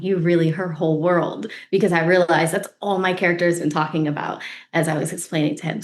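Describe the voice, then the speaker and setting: A woman, an actress guest on a podcast interview, talking in an earnest, reflective way that turns animated when she retells a story. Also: fairly low pitch. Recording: roomy echo.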